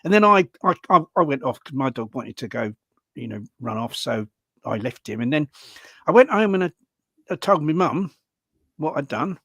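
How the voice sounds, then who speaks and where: An older man recounts his memories in an animated way. His voice sits fairly high and rises and falls freely. The sound is dry and close, with little room around it. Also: moderate pace, slightly rough, no echo. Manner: animated, lively storyteller. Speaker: guest. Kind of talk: casual storytelling conversation.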